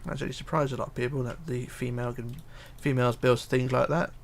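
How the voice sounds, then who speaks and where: A man talks through a live stream in a gravelly, mid-pitched voice. He reads viewer comments aloud and mutters to himself as he works, with a lot of hesitant fillers. A faint hum of room noise sits behind him. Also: little pitch movement, fast. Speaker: livestreamer. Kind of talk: casual live stream chat while building.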